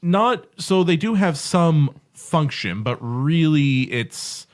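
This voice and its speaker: A man's voice: fairly high pitch, animated, slow pace. A Canadian man co-hosting a podcast, chatting casually in a rambling, joking, self-correcting way. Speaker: podcast co-host. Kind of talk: casual chat.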